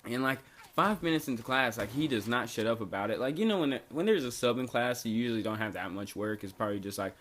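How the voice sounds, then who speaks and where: A man's voice: medium pitch, lively intonation, fast, a bit bright. A young man casually telling a story from his school days, rambling and slangy with lots of fillers and restarts. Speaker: storytelling vlogger.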